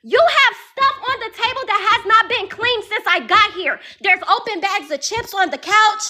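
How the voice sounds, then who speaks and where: A woman, venting about a roommate fight. She talks in a heated, repetitive rush that tips into yelling, her tone bright and sharp. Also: very high-pitched, normal speed. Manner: heated, repeats phrases, rising to yelling. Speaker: caller venting on a live advice stream. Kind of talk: emotional venting story.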